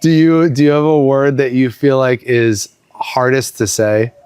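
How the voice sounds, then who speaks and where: A man's voice: medium pitch, steady tone, a little slow, a little mellow, smooth, dry recording. A man interviewing a guest in a casual conversation, encouraging him with short affirmations.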